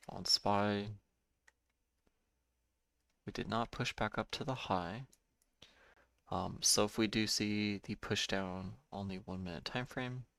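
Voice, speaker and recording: Male trader, lowish gravelly voice, measured think-aloud delivery, dry close mic. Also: bright, forceful tone, no echo. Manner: measured, thinking aloud with small self-corrections. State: yawning, a bit tired. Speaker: day trading streamer. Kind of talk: live market commentary.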